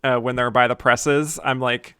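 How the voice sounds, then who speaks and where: A man's voice: medium pitch, little pitch movement, moderate pace, bright, forceful tone, clear, resonant tone, no room sound. Guy hosting a movie podcast, chatty, laughs a lot, quotes lines, dry close mic. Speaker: podcast host. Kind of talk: casual film discussion.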